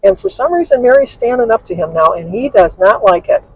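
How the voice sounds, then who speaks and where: A woman's voice: mid-range voice, sing-song, a little fast, gravelly, breathy edge, poor audio. An older woman vlogging from her car as she drives, venting bluntly and angrily and swearing freely. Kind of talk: venting personal story to camera. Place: in a car while driving.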